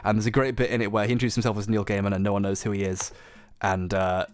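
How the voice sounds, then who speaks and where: A man's voice: fairly low pitch, level tone, fast, soft background music. A man with a slight Yorkshire accent streaming a game, tired and joking, laughing often. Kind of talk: casual stream chat.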